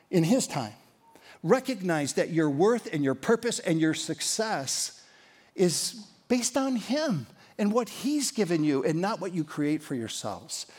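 A middle-aged man preaching a sermon as pastor, earnest, with emphatic rises and soft drops. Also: medium pitch.

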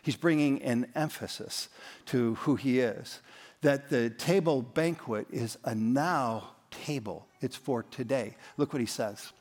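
A man's voice: medium pitch, a little slow, a little mellow, big-room sound. A man preaching a sermon as pastor, emphatic and leading his congregation in reading aloud. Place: church.

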